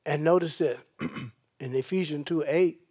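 A man's voice: on the high side, a little slow, a little mellow, husky. A man preaching a sermon as pastor in a church, often checking in with "okay?" and "amen?" in a call-and-response style.

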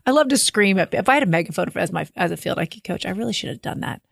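Podcast co-host, woman, playful and teasing, gravelly fry, dry close sound. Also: on the low side, fast, no echo. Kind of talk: casual chat.

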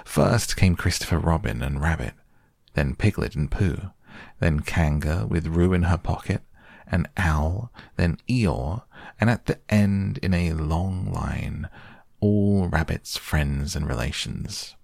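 A man reading a children's story aloud as narrator, calm and measured. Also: sits low, gravelly, no echo, clean studio sound.

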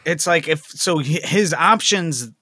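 A man co-hosting a podcast in casual chat. He talks in a halting way, swears and often chimes in with short agreements. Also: fairly high pitch, lively intonation, bright, forceful tone, husky, no room sound. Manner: halting, profane, frequent backchannels. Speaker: podcast co-host.

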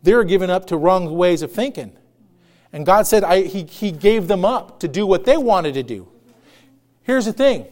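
A man's voice: sits high, animated, moderate pace, darkish tone. A male pastor preaching a conversational sermon, laughing often and acting out quotes.

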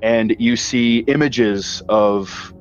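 A man's voice: mid-range voice, very slow. A man narrating as game master of a tabletop game, telling the scene vividly with small hesitations. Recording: dull lo-fi audio, faint music.

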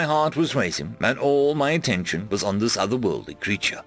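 A man narrating a web serial chapter aloud in first person, reading expressively with big dramatic swings and shouting out the dialogue. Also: lowish voice, very animated, normal speed, faint music behind. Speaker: audiobook narrator.

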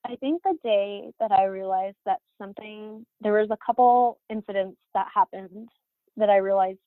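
A woman's voice: medium pitch, normal speed, no echo. Woman in her thirties, candid storyteller, fillers and restarts, tinny phone-like sound, dry. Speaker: interview guest. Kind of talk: personal storytelling in an interview.

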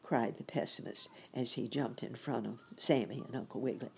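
Low, husky woman reading a children's story. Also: fairly quick. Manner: lively, expressive.

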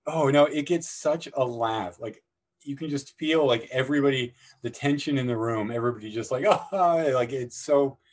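A man chats about films on a podcast, rambling and full of restarts. His voice sits at a middle pitch, and he bursts into raised, excited voices when he quotes scenes. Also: moderate pace, slight background noise, rough recording. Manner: rambling, animated, acts out movie lines in high voices. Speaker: podcast host. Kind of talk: casual film discussion.

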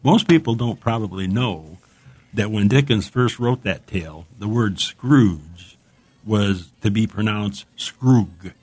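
A low-pitched man talks about books in a loose, chatty way. He wanders from thought to thought, full of enthusiasm, and sometimes stops to read a passage aloud. His tone stays conversational throughout. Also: a little slow, darkish tone. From United States. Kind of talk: casual chat about books.

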